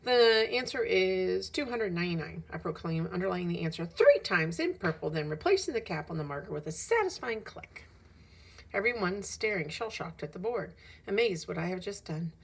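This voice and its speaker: A woman reading a children's novel aloud in a lively, animated storytelling manner, rising with emphasis at dramatic moments. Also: on the low side, brisk, creaky, breathy edge. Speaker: audiobook reader.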